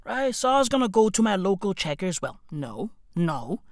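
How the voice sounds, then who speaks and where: A man's voice: high-pitched, moderate pace, no echo, clean studio sound. A young man doing a profane, rambling comedic monologue as a podcast host, tagging his lines with "right?". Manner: animated, swings up into shouts.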